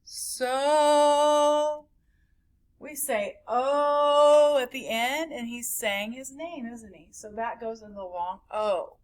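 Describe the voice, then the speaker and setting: A woman teaches young children a recorded phonics lesson, drawing out each sound slowly and repeating it in a sing-song manner. Her voice is slightly high. It was captured by a camera at a desk.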